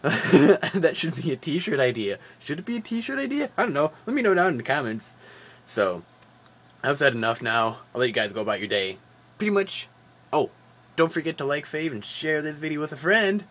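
A man's voice: fairly high pitch, moderate pace. Tired, jokey guy vlogging. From Wisconsin. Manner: animated, jokey, rambling, with fillers. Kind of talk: casual daily vlog chat.

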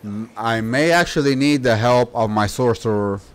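A man giving casual gameplay commentary, slangy and playful, breaking into loud excited yelps and exclamations. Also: mid-range voice, moderate pace. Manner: slangy, playful banter at the game. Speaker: gaming YouTuber.

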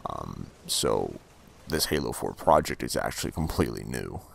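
A man talking over gameplay in a slow, deep, gravelly character voice he practices for voice acting. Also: very animated, exaggerated voice. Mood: low, calm. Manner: slow, low, murmured delivery. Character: deep low-voiced male character, menacing. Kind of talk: game commentary in a practice character voice.

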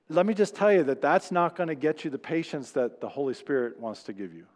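A man's voice: on the high side, animated, fairly quick, hardly any pauses, long reverb tail. A man preaching a sermon as pastor, telling stories in a conversational way and acting out the people he quotes. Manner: conversational storytelling preacher, acts out quoted voices. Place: church sanctuary.

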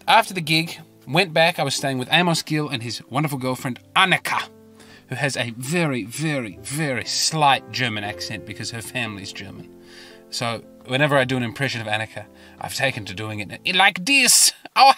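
A man's voice: mid-range voice, brisk, bright, forceful tone, soft background music. An Australian man telling a rambling comic story in a self-mocking, chatty way, recorded in his car. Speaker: comedian and podcast host. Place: parked car.

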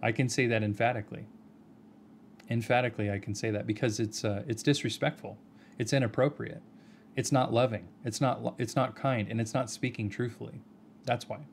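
A man giving an earnest, measured video response, addressing someone directly by name and pressing his points with rhetorical questions. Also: mid-range voice, steady tone, gravelly, slight background noise. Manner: earnest, argumentative, addresses the other person by name. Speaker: video commentator.

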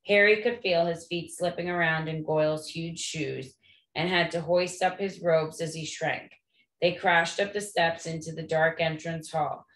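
A woman reading a novel aloud to listeners in a gentle, friendly way. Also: deep voice. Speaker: read-aloud host. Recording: echoey room.

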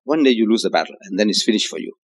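A man's voice: fairly low pitch, expressive, racing, slightly rough. A man from Africa, giving an emphatic public lecture with rhetorical questions, repeated phrases and chuckling asides. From South Africa. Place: hotel lecture hall.

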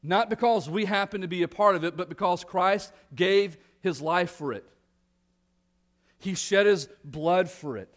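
A man's voice: sits high, measured pace. A male pastor giving a conversational sermon in church, earnest and often repeating words as he restarts. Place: church sanctuary.

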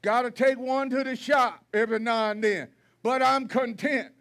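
High-voiced folksy preacher man. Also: fairly even intonation, moderate pace, fairly bright tone. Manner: folksy, preachy, calls out the congregation with repetition. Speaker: pastor. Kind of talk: sermon. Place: church sanctuary.

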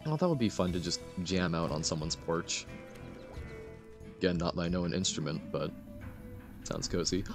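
A man's voice: low-pitched, very animated, normal speed, long pauses, soft background music. A man streaming a game, rambling and self-deprecating in casual commentary. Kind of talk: casual let's-play commentary.

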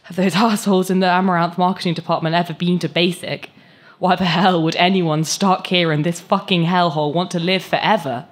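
A woman reading aloud, voicing a scornful, sharp-tongued young woman. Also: lowish voice, fairly even intonation, fairly quick, voice pushed up, close to an everyday voice.

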